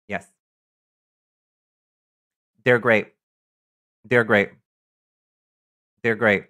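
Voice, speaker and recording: A man's voice: fairly low pitch, steady tone, extremely slow, pauses often, sharp tone. Chatty man with a Brazilian accent. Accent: Brazilian, São Paulo. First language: Portuguese. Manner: chatty, rambling, profane. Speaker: streamer. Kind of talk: casual chat reading viewer comments.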